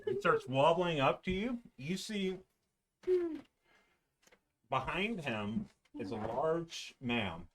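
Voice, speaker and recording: Halting, casual man running a tabletop game. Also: a little high, big pitch swings, a bit bright, a little hiss or hum. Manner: halting, restarts often, casual slang. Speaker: dungeon master. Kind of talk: describing scenes in a tabletop game.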